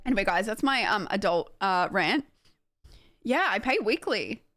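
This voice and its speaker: A woman's voice: mid-range voice, normal speed, no room sound, faint music behind. A young woman with an Australian accent chatting casually to her stream, rambling and self-mocking with lots of filler words and easy laughter. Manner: animated, full of filler likes. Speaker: game streamer.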